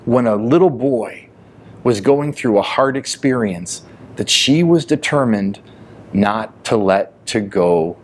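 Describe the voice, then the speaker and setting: A man's voice: mid-range voice, animated, slow pace, slight background noise. A male pastor delivering a sermon in an earnest, emphatic way, often repeating words as he builds his points. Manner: earnest, emphatic preaching with repetitions.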